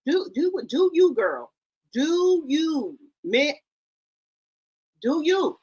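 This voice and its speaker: Chatty high-voiced woman livestream host. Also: sing-song, drawn-out words, a little mellow. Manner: chatty, talks straight to the chat. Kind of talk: casual livestream chat. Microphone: headset or desk microphone.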